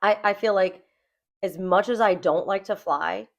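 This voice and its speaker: A middle-aged woman co-hosting a podcast, telling a story in a casual, animated way and acting out the voices of others. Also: mid-range voice, measured pace, vocal fry. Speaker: podcast co-host.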